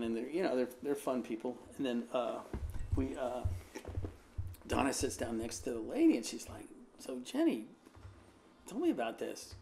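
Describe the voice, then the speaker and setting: A man's voice: mid-range voice, vocal fry, darkish tone, slight background noise. A man, an American pastor, telling a rambling personal anecdote in a casual way, with lots of fillers. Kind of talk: casual storytelling.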